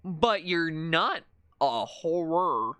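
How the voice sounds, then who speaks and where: A streamer chatting through a live session, the tone bright and up-front. The voice rises and falls with lively swings. The delivery is relaxed and unscripted, with frequent stammered restarts. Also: medium pitch, very slow, no room sound. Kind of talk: casual live-stream commentary.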